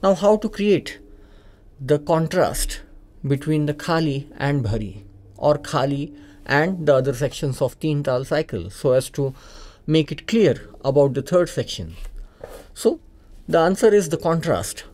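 A man with an Indian accent, calmly and methodically explaining tabla technique in a music lesson, repeating the key points. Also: fairly high pitch, a little slow. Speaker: tabla teacher. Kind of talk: instructional explanation. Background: tabla playing.

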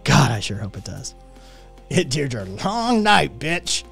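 A man's voice: mid-range voice, sing-song, takes it slowly, creaky, fairly bright tone, faint music behind. A man who says he is sick and in pain, ranting with constant swearing while he reads and answers his chat. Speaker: streamer. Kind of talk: ranting live stream chat.

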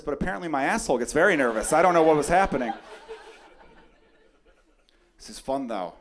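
A man from Chicago performing a profane, excitable stand-up comedy set on a club stage, with a handheld mic. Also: fairly high pitch, quick pace, long pauses. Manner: brash, profane, excitable bits. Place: comedy club stage before a live crowd. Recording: live club recording with crowd laughter. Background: audience laughter.

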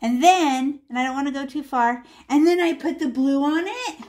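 A woman's voice: sits high, lively intonation, moderate pace, a little mellow. A woman art teacher leading a live painting class over a video call, chatty and chanting repeated words as she paints.

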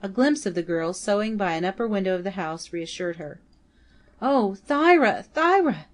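Reading scripted audiobook narration, a lowish-voiced woman keeps a steady, measured delivery.

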